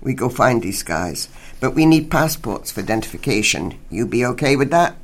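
رجل يؤدي صوت شرطي أجش عميق، يتكلم بإنجليزية مكسّرة ببطء وجفاف. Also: male voice, big pitch swings. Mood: curt. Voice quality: deep rumbling voice, broken English. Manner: slow, clipped, dismissive. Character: gruff local male police officer, curt. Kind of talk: storytelling reading.

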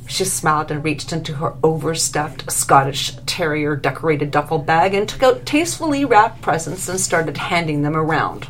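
Low-voiced woman narrating a story. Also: slight background noise. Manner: expressive, animated reading.

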